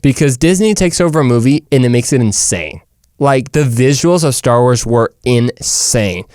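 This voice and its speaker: Young male host, jokey rambling monologue, middle pitch, dry sound. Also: lively intonation, moderate pace, a little mellow, clean tone, dry recording. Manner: rambling, jokey, says "dude" and "like" often. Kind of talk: casual comedic monologue.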